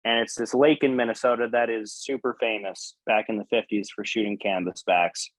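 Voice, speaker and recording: A man's voice: on the low side, fairly even intonation, moderate pace, no room sound, poor audio. A man in a casual podcast chat, telling a story animatedly and swearing casually.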